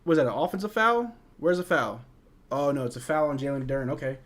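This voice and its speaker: A young man with a slightly high voice hosts a live fan stream. He calls the plays loosely and chats back to his viewers in a relaxed, joking way, tossing in bits of trash talk. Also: fast. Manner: chatty, reads and answers chat, jokes and trash talk. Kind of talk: casual live game watch-along commentary.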